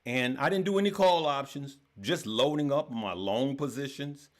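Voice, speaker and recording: A man hosting a casual stock market livestream, talking to viewers in an energetic, repetitive way and calling them "good people". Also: mid-range voice, moderate pace.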